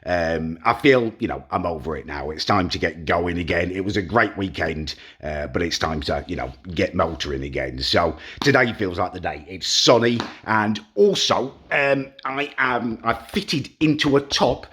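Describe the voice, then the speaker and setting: A man's voice: deep voice, lively intonation, normal speed, few pauses, fairly bright tone, husky. A young man talking casually to camera in a rambling, self-deprecating vlog. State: hungover. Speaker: vlogger.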